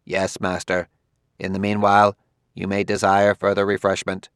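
A servile household robot with stiff, formal courtesy, as a man reading an audiobook puts it on. The voice sits low and gravelly in a dry, close recording. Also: monotone, normal speed, a bit bright, no room sound.

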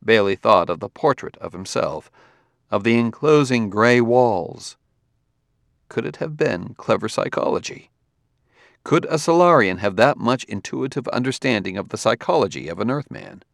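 A man narrating a story in a steady, even storytelling manner. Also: lowish voice, normal speed, vocal fry, dry recording, studio quality. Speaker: audiobook narrator. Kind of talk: scripted narration.

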